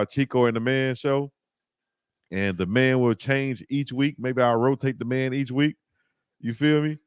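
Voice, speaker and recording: Full of slang and laughter at his own stories, a man hosts a casual live-stream chat with animated banter. He speaks at an ordinary mid pitch in a clean tone, recorded close and dry with no surrounding room sound.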